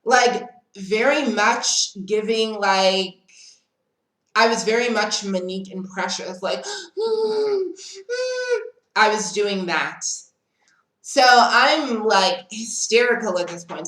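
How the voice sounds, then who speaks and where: A woman's voice: medium pitch, a little slow, a bit bright, echoey room, low-quality recording. A woman telling a dramatic storytime in casual chat, often calling the listener "girl". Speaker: storytime vlogger.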